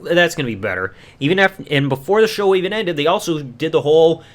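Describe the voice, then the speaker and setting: A man's voice: a little high, expressive, fast. A man hosting a podcast, reviewing a show in a casual, ranting way and mocking people with silly voices. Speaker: podcast host.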